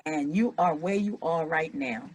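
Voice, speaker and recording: A woman hosting an interview, asking gentle, hesitant questions. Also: low-pitched, unhurried, husky, poor audio. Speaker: interviewer, host.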